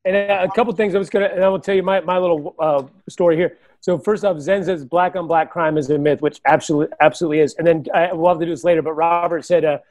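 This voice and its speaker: A man's voice: a little high, steady tone, fast, hardly any pauses, darkish tone, no echo. A man who is a comedian, telling a story in casual talk, acting out both sides and swearing often. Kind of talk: casual podcast chat.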